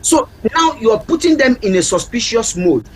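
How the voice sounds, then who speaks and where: A man's voice: very high-pitched, big pitch swings, normal speed, slightly rough, poor audio. A man, a parenting counselor and guest on a TV talk show, speaking earnestly and repeating his key points for emphasis. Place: TV studio.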